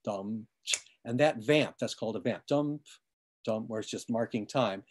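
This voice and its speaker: A man's voice: medium pitch, brisk, husky. A man giving an online lecture about music history, explaining patiently with many fillers and restarts, and now and then humming a rhythm.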